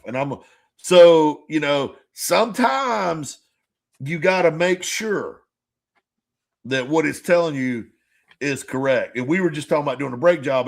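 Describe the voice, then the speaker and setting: A man's voice: medium pitch, gravelly. A man co-hosting a casual podcast chat, rambling through stories, acting out both sides of conversations and swearing freely. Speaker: podcast co-host.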